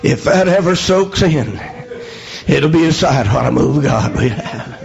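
An older man preaching a sermon, dropping frequent amens and swinging from low storytelling to shouts. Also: animated, a little slow, creaky, highs cut off.

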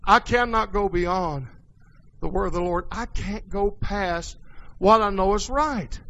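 A man preaching a folksy sermon in a church, dropping quiet and then rising to hollering. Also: high voice, measured pace, rough recording.

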